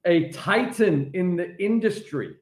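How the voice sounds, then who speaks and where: Teasing pastor in an echoey room. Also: male voice, sits high, animated, unhurried. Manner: playful, teasing, warm praise. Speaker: pastor and guest. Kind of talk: casual live chat.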